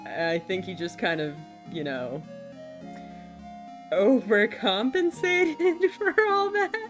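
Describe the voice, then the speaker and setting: A woman's voice: medium pitch, lively intonation, slow, over music. A young adult woman giving casual, emotional commentary while playing a video game, rambling, swearing and laughing. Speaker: video game let's player.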